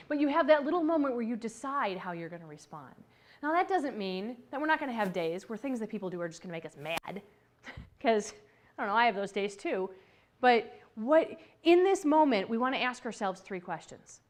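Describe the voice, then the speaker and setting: Lively woman giving a motivational talk. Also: a little high. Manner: lively, chatty, laughs easily and acts out quoted voices. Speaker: speaker on workplace communication.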